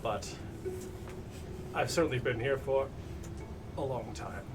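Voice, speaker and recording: A man playing a slow, formal stranded noble. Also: mid-range voice, over music, natural voice. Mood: solemn. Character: courteous stranded male noble, weary, hospitable. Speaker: game master. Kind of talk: tabletop role-play, voicing a character.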